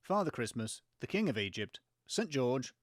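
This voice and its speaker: A man's voice: medium pitch, very animated, moderate pace, dry recording. Male co-host, wry and teasing, comedic banter, dry close-miked sound. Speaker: podcast co-host.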